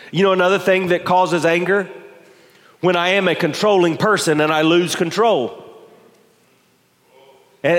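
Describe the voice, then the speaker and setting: A male pastor delivers a sermon in a slightly high voice, pressing his points with rhetorical questions. His voice rings out with a long reverb, as in a large church sanctuary. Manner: preaching with rising intensity and rhetorical questions.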